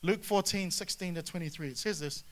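A man preaching a sermon to a congregation, animated, with frequent asides and calls for the crowd to respond. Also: high voice, a little fast. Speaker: pastor.

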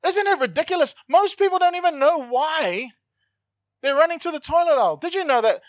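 A man preaching a sermon, animated and joking, swinging from loud to hushed. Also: very high voice, fairly quick, dry recording. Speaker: pastor.

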